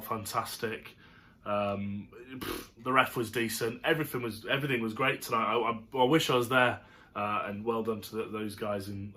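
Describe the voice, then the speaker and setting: Chatty bloke, bright forceful voice. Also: male voice, fairly low pitch. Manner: chatty and rambling, lots of fillers and asides. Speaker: football fan reviewing a match. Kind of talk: casual to-camera match review. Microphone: camera setup.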